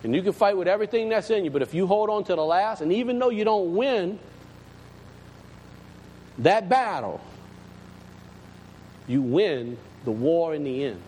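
A pastor preaching in a high voice that leaps up and down. He talks straight to his congregation in a folksy, emphatic way. His words ring with a long reverb, over a faint hum of background noise. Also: lively intonation, normal speed, pauses often, darkish tone. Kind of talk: storytelling sermon.

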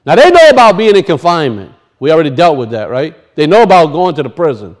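A high-pitched male preacher delivering a sermon in a lively, animated way. He keeps turning to his listeners with questions and pressing home the point of each verse. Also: fast talker. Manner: animated, asks the audience questions.

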